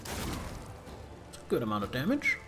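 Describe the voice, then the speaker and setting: Man, live game streamer, chatty commentary, animated pitch, faint game music. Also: slow pace. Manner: chatty, muttering through turns with excited outbursts.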